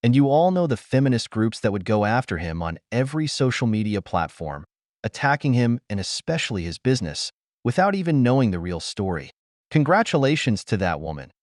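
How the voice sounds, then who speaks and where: A man's voice: lowish voice, dry recording, clean studio sound. A man giving scripted reaction commentary, preaching to viewers he calls brothers.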